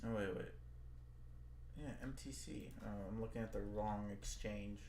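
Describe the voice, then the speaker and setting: A man's voice: lowish voice, steady tone, normal speed. Laid-back man in an echoey room. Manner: loud laughing bursts, swearing. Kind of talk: casual trading chat. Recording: echoey room with faint noise.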